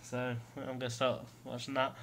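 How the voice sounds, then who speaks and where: A man's voice: medium pitch, completely flat delivery, moderate pace, a bit bright. A man with a Scottish accent talking casually in a diary vlog, rambling with lots of fillers and swearing, mocking himself. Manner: self-mocking with chuckles. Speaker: vlogger.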